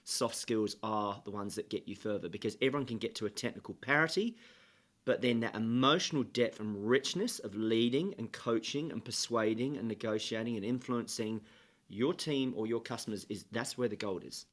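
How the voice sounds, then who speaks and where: A man, a sales trainer, talking as a podcast guest in a measured, explanatory way with frequent fillers. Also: fairly low pitch. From England. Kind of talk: interview conversation.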